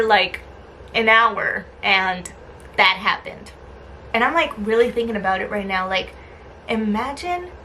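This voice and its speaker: A young adult woman telling a story in a casual vlog, chatty and animated, with lots of "like" and "um". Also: mid-range voice, a little hiss or hum, poor audio. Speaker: lifestyle vlogger.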